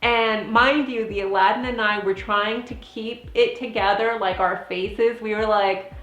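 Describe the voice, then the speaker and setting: A woman in her thirties telling funny stories in a casual vlog, giggly and animated, with lots of "like" fillers. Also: mid-range voice, measured pace, highs cut off. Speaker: vlogger and former theme park princess performer. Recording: echoey room with faint music.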